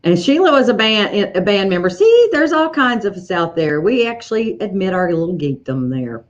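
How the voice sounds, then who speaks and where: A woman's voice: medium pitch, sing-song, moderate pace, lo-fi sound. A woman from Tennessee, hosting a rambling, self-deprecating casual chat on a livestream. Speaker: host.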